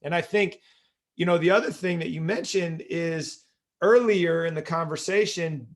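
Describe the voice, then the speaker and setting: A man hosting a podcast who is also a coach, summing up points in a reflective, conversational way. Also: a little high. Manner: reflective, sums up points, steady backchannels. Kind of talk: conversational interview.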